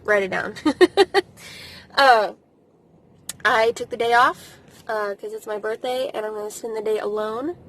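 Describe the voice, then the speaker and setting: A woman's voice: fairly high pitch, a bit bright, slight background noise, rough recording. A woman in her thirties giving casual advice to camera in a vlog, blunt, emphatic and freely swearing. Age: 30s. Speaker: vlogger.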